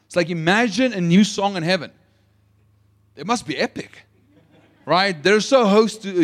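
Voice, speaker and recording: Slow, emphatic preacher man. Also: high-pitched, long reverb tail. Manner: emphatic, asks the room "right?" often; reads scripture aloud with weight. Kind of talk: sermon.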